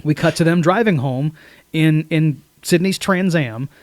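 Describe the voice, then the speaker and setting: A man with a slightly high voice talks through a movie on a podcast, jumping into the characters' lines as he goes. The sound is dry and close to the mic, with no room around it. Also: measured pace, no room sound. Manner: animated retelling of scenes, quotes characters. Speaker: podcast co-host. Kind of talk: casual movie podcast chat.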